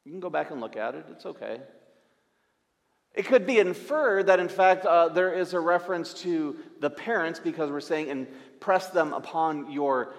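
Higher-voiced pastor preaching emphatically. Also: male voice, lively intonation, normal speed, gravelly. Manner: emphatic, repeats phrases in lists. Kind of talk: sermon. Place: church sanctuary. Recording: long church-hall reverb.

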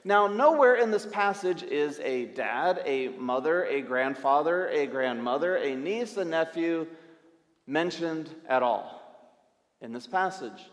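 A male pastor delivers an emphatic sermon, stacking up repeated phrases one after another. His voice sits a little high for a man. It carries with a long, lingering reverb through a large church sanctuary. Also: animated, a little slow.

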